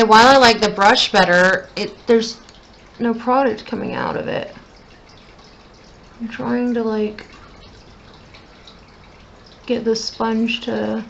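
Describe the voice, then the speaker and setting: A woman's voice: a little high, gravelly, a bit bright, slight background noise, rough recording. A young woman chatting casually at home while doing her makeup, thinking aloud and putting herself down as she gets more and more frustrated. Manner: self-deprecating, increasingly frustrated, thinking aloud. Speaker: beauty vlogger. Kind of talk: casual makeup tutorial chat.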